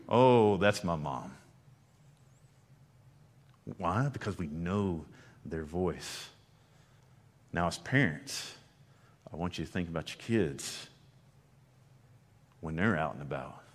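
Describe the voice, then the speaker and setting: A male pastor preaching a sermon, earnestly shifting between loud emphasis and quiet, slow lines. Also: on the low side. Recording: long hall reverb.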